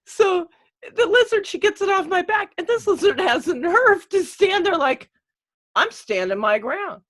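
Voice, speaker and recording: A woman's voice: very high voice, normal speed. A woman hosting a casual group chat, telling a funny story with lots of laughter. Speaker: host.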